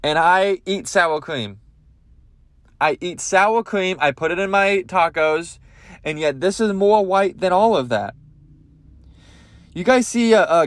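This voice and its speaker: A man's voice: on the high side, no room sound. A man hosting a comedy podcast, ranting crudely in a rambling monologue with lots of swearing. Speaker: podcast host.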